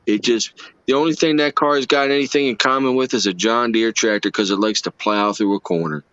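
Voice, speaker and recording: A man's voice: mid-range voice, expressive, a little fast, a bit bright, no echo. A man, a livestream guest telling personal stories in an earnest, emotional, folksy way. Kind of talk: casual storytelling chat. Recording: dull lo-fi stream audio.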